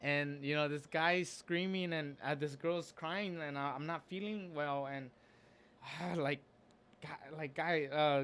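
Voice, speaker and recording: Man telling a story in a halting voice. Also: on the high side, steady tone, a bit bright, smooth. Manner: halting, with frequent restarts and fillers; earnest and emotionally open. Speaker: storyteller recounting a personal experience. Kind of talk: casual spoken storytelling.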